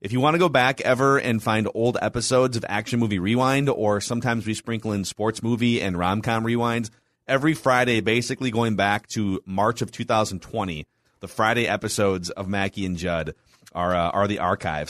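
A man's voice: on the low side, brisk, fairly bright tone, no echo. A man hosting a podcast, upbeat and teasing as he chats and reads a film summary. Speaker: podcast host. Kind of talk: casual chat and show hosting.

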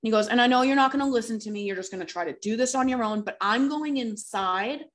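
Brief: woman preacher in her thirties, sermon delivery, fairly high voice, acts out quoted excuses. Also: fast.

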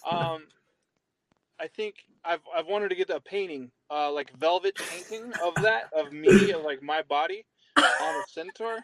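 A male rapper as a guest on a video call, halting and deadpan, with many uhs. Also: fairly high pitch, poor audio. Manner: hesitant, deadpan, full of uhs. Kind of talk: casual chat.

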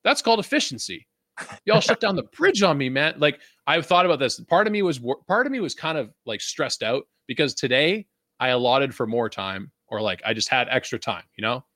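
A man's voice: mid-range voice, animated, fairly quick, bright, forceful tone, no echo, clean studio sound. A young man from Vancouver hosting a podcast, ranting in a casual, profane, rambling way and laughing often. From Vancouver, Canada. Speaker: podcast host.

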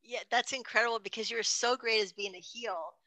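A woman's voice: fairly high pitch, a little fast, sharp tone, rough recording. A woman interviewer reading out listener questions and chatting casually.

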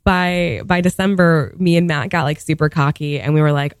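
A woman's voice: deep voice, moderate pace, few pauses, smooth, dry recording. A woman in her thirties from Virginia, telling a long funny story in a chatty way, full of fillers. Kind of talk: casual comedic storytelling.

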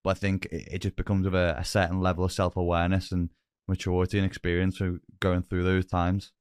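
Male co-host, very deep and resonant, dry close mic, calm thoughtful questions. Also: fast talker, smooth, dry recording. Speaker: podcast co-host. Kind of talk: conversational interview.

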